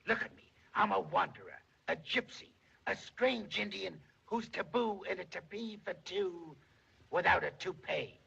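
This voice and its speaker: A shrunken boastful little man, gravelly and bright, dull old 1930s movie sound. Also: sits high, unhurried, full character voice. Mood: self-pitying. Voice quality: gravelly, raspy. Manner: theatrical, full of grand words and wordplay. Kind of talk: 1930s film comedy acting.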